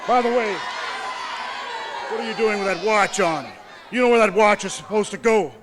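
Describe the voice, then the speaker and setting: Pompous, commanding high-voiced man. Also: moderate pace, crowd noise. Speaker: wrestling manager. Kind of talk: boastful wrestling promo.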